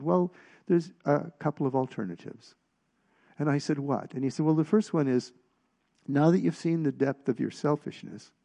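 Brief: middle-aged male preacher, gravelly testimony voice, loose and storytelling. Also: medium pitch, mellow. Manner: storytelling, halting restarts, rises in volume at punchlines. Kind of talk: personal testimony sermon.

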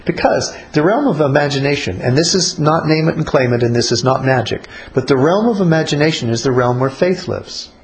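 A man teaching about prayer in a relaxed, conversational way, blunt and colloquial. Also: a little high, a little fast, hardly any pauses, a little hiss or hum, poor audio. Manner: blunt, colloquial, acts out little spoken exchanges.

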